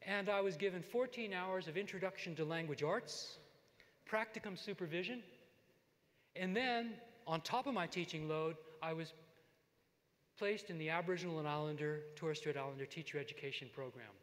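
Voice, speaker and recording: An older man giving a lifetime achievement talk, telling stories from his career in an animated way with asides to the audience. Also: fairly high pitch, moderate pace. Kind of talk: lecture with personal stories. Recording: long hall reverb.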